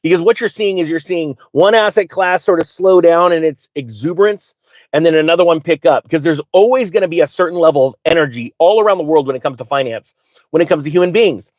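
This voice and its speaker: Excitable man hosting a live finance show. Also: a little high, fast talker, no echo. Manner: excitable, restarts and stutters often; direct, addresses viewers and asks them to type answers. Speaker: finance livestream host. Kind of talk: live unscripted finance talk.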